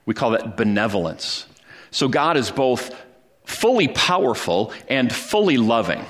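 A man's voice: medium pitch, very animated, a little slow, fairly bright tone. A man preaching a sermon, retelling a Bible story in a conversational way with frequent fillers and restarts. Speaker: pastor.

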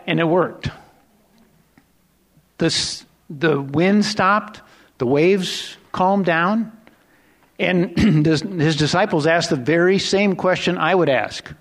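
A man preaching a sermon in a loose, conversational way, often restarting sentences and dropping to hushed asides before rising into excited emphasis. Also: high voice, takes it slowly, long pauses. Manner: conversational, rambling with restarts and self-corrections. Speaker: pastor.

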